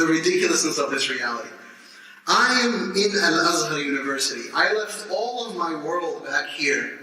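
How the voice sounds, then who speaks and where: A man in his thirties gives an animated lecture to students, often laughing and restarting his sentences. His voice is bright and slightly high. He is recorded from a distance in a large echoey hall. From United States. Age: 30s. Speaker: teacher. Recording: echoey hall, distant mic, faint noise.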